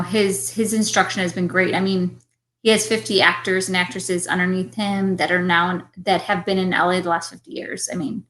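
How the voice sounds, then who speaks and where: A woman's voice: medium pitch, fairly bright tone, rough recording. A woman, an actress, chatting with enthusiasm as a guest in a radio interview. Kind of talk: casual interview chat.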